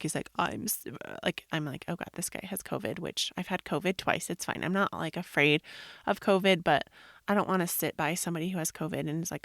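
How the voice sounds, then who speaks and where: A woman's voice: lowish voice, dry recording, clean studio sound. A woman in her thirties, a podcast host telling a story in a chatty, rambling way full of "like" fillers. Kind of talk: casual storytelling monologue.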